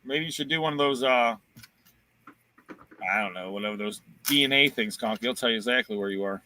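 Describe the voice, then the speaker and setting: A man's voice: medium pitch, a little fast, bright, forceful tone, a little hiss or hum. A man from Ohio hosting a casual livestream, joking around and reading viewer comments aloud. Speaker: livestream host and auctioneer.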